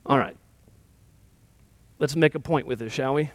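A man's voice: mid-range voice, a little slow, no echo. A male pastor giving a sermon in a conversational, self-deprecating storytelling manner.

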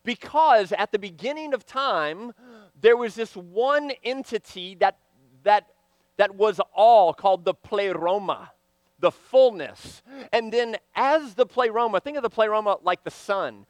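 A man preaching a sermon, swinging from loud emphatic lines to hushed, quiet ones. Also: sits high, a little slow, no echo.

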